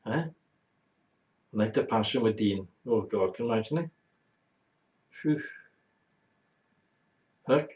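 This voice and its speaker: A man's voice: fairly low pitch, lively intonation, takes it slowly, pauses often. A man hosting a talk show, telling a blunt, exaggerated, bawdy comic anecdote. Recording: roomy, dull lo-fi sound.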